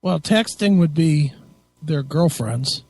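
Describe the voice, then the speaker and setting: A man co-hosts a talk radio show in a high voice that swings wildly up and down. He rants and mocks in a crude way, swearing freely. He often drops to a low mutter to add a sour aside. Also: animated, takes it slowly, darkish tone, husky, dry recording, faint music behind. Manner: crude, mocking, ranting with profanity. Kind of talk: casual talk radio banter.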